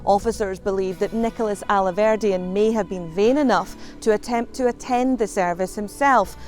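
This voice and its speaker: A woman giving measured, scripted documentary narration. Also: mid-range voice, a little mellow, faint music behind.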